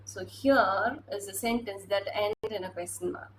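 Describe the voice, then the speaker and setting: A woman's voice: medium pitch, moderate pace, a little hiss or hum, low-quality recording. A woman teacher giving a classroom lecture, hesitant, with many fillers and restarts.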